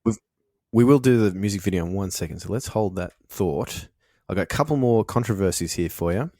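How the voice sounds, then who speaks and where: A man's voice: deep voice, animated, a little fast, dark tone, no room sound, clean studio sound. A man co-hosting a comedy podcast, making wry asides and laughing easily in the banter. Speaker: podcast co-host.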